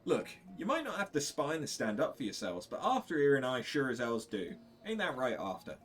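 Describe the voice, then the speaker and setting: A brash, tough woman adventurer mocks and goads in blunt, slangy talk, with a man reading her lines aloud. The delivery is animated. Soft music runs behind. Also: mid-range voice, fairly quick, pitched above the performer's own voice. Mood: scornful. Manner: blunt, scornful, folksy slang. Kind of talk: reading game dialogue aloud.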